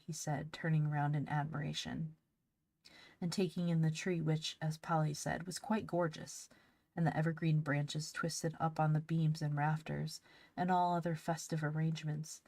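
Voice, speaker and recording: Casting note: audiobook narrator, woman, low voice, close dry mic. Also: little pitch movement, moderate pace, gravelly, a little mellow, dry recording. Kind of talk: reading a classic novel aloud.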